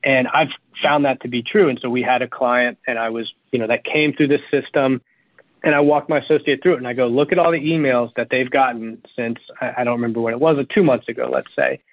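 A man's voice: mid-range voice, fast, no room sound. Man on a tinny, dry phone line. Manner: energetic, practical, repeats words while thinking. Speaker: law firm owner, guest. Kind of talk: interview conversation.

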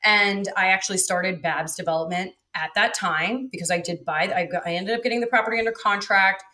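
A woman's voice: mid-range voice, brisk, pushed and bright. A woman guest telling stories frankly in a casual interview, with many fillers. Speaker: guest, real estate developer.

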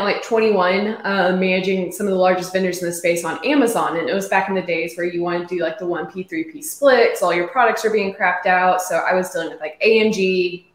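A young woman from Arkansas, a guest, telling her career story in an upbeat, casual way. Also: on the low side. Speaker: guest service provider. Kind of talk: casual panel chat. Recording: echoey room.

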